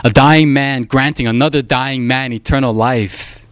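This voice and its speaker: A man's voice: medium pitch, fairly even intonation, moderate pace. A man preaching a sermon in an earnest, emphatic way, often repeating himself and leaning on "you know" as he explains. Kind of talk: sermon on a Gospel passage.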